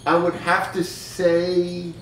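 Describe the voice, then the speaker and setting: A man co-hosting a casual podcast, teasing the others loudly and swearing freely. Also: high-pitched, monotone, slow pace. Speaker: podcast co-host. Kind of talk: casual chat. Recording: echoey room, mic far off, crowd noise.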